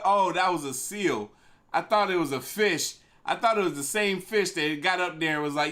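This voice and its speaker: A man streaming a live reaction, casually talking to his chat in an animated way. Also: high voice, normal speed.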